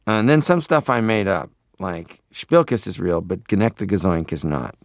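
A man in his forties from Canada chats as a radio guest, playful and rambling, often slipping into funny voices. His voice sits a little low, and the studio sound is close and dry. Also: very animated, normal speed, no echo. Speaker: interview guest. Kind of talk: radio interview conversation.

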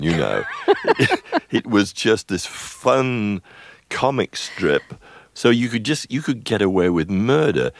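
An older film composer with a lowish, creaky voice recalls the past during a radio interview. His anecdotes ramble and he chuckles, often stopping to restart his sentences.

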